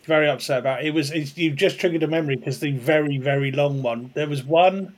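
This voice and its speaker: A man's voice: fairly high pitch, brisk. A man hosting a podcast, recalling a long joke in a chatty way that often trails off and restarts. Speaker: podcast host. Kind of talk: casual chat.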